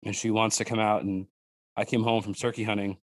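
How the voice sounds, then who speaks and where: Lively storytelling man, lowish voice. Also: brisk, no room sound. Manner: animated storyteller who acts out his daughters' lines in a higher voice; rambling, with restarts and fillers. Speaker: guest, wild game cook and hunter. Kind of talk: casual podcast conversation.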